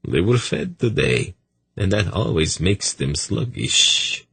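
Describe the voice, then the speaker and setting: Man voicing a quiet menacing eunuch assassin, polite threats, low, husky, slow. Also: sing-song, dry recording, full character voice. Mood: quiet menace. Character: soft-spoken menacing male eunuch assassin.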